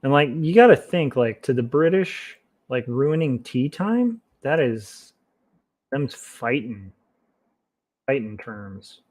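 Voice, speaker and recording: A man streaming while he draws comics, chatting casually and thinking aloud in a relaxed, self-mocking way. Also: medium pitch, takes it slowly. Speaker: comic artist streaming his work. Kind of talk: casual livestream commentary while drawing.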